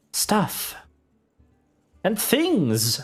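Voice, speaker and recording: A man streaming a game who tosses out wry, offhand casual asides, his pitch jumping around lively. Faint game music runs behind his voice. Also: drawn-out words, breathy edge. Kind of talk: casual gameplay commentary.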